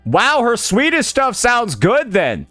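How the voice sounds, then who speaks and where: A man's voice: very high voice, huge pitch swings, takes it slowly, bright, forceful tone, no echo, soft background music. A man making a blunt, profane gaming reaction video, incredulous and repeating "bro" constantly. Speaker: gaming YouTuber.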